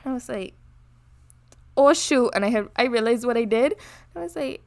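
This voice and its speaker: A young woman from Barbados with a Barbadian accent, co-hosting a podcast in casual, animated chat. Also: on the high side, vocal fry. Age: young adult. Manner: animated, chatty, quick to laugh. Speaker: podcast co-host.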